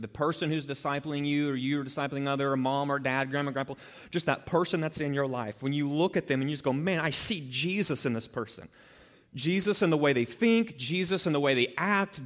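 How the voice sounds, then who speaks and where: A man preaching a sermon as a pastor, animated and acting out the people he quotes. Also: mid-range voice. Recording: long hall reverb.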